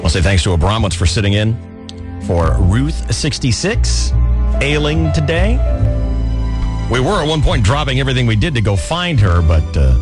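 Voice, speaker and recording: A man hosting a radio show, chatting casually and telling stories in a wry way with animated asides. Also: mid-range voice, normal speed, over music. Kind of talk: casual morning-show banter.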